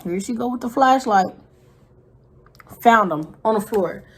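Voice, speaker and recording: A woman with a husky, breathy and fairly high voice tells a story to her channel. She uses slang and swears freely, and she acts out moments by whispering. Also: a little slow. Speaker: vlogger. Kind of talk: casual storytime.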